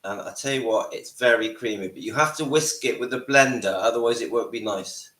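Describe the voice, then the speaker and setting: A man with a croaky voice from a cold, hosting a casual livestream from home and greeting viewers by name. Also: medium pitch, brisk, a bit bright. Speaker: livestream host. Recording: echoey room with faint ambience.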